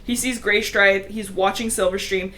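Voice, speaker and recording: A woman's voice: medium pitch, steady tone, normal speed, pushed and bright. A woman hosting a podcast, chatting casually through a book recap with lots of fillers and giggles. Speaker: podcast host.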